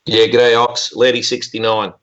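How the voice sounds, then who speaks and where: A man's voice: medium pitch, completely flat delivery, normal speed, a bit bright. An Australian man calling in to a radio show, easygoing and chatty. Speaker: caller. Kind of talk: casual phone-in chat. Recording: dull lo-fi call audio.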